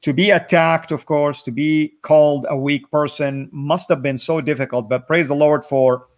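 A man hosting an interview, asking questions in a measured, affirming way. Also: fairly high pitch, steady tone. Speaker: host interviewer.

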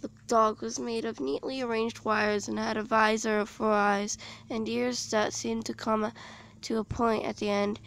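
A woman reading her own storybook aloud, slowly and carefully, with small slips. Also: on the high side, flat delivery, vocal fry, a bit bright.

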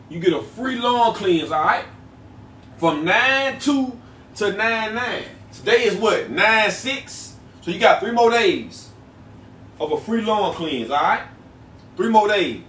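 A man talks loosely with viewers on a livestream. His voice sits high, and he circles back to the same phrases again and again. The sound is roomy and slightly distant from the mic. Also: fairly bright tone. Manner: loose, repetitive, chatty, drawn-out phrases. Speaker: livestream host selling herbal products. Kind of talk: casual livestream chat with viewers. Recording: echoey room, voice a bit far from mic.

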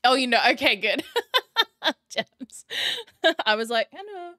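A woman's voice: fairly high pitch, takes it slowly, pushed and bright, no room sound, clean studio sound. A woman streamer hosting her live stream in casual chat, talking straight to her viewers and laughing often. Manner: giggly, chatty, addresses chat directly. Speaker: streamer host.

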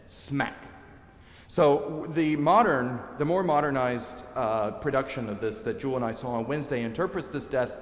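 A male priest preaching a sermon, telling a story in a lively way and acting out the quotes. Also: medium pitch. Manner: animated storyteller, dramatizing quotes. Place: church. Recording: echoey church, long reverb.

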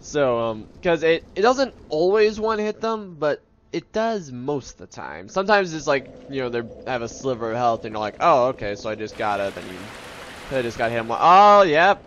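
A man doing let's play commentary, excitable and self-mocking, yelping and groaning when things go wrong. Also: a little high, normal speed, slight background noise. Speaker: gameplay commentator.

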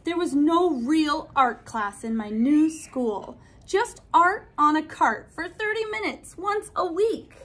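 High-voiced woman reading a storybook slowly. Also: lively intonation, a bit bright. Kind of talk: children's storybook read-aloud.

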